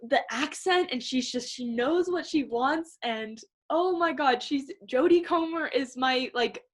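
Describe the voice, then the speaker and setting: A young adult woman talking excitedly as a guest on a casual podcast interview, full of "like" fillers. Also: high voice, unhurried. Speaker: guest swimmer.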